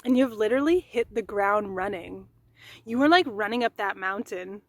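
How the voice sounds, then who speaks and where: A woman host giving a casual tarot reading, excitable and chatty, swearing now and then. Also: mid-range voice, moderate pace, no room sound. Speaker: tarot reader. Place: outdoors in nature.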